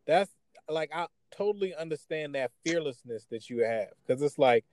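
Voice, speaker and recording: A man's voice: on the high side, animated, moderate pace, darkish tone, no room sound. A man hosting a faith talk show, speaking earnestly in a sermon-like way. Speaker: host. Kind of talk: preaching-style talk.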